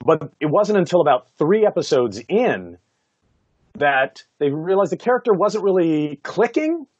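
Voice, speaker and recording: A man, a voice actor, telling stories from his career in a casual interview, animated and laughing often, with many "you know" fillers. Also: on the high side, unhurried, no room sound, muffled recording. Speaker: voice actor guest.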